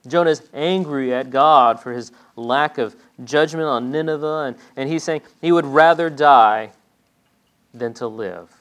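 A man's voice: medium pitch, a little slow, fairly bright tone. A man preaching a sermon, acting out quoted speech with rising intensity.

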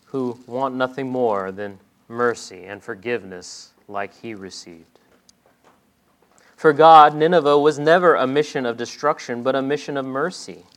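Man preaching a dramatic sermon. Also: medium pitch. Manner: dramatic, voices quoted speech with rising intensity.

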